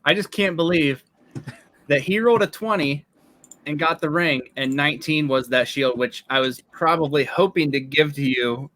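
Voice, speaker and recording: Relaxed game master man, slightly high voice. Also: normal speed. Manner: relaxed, thinking aloud with restarts. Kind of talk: narrating a tabletop game.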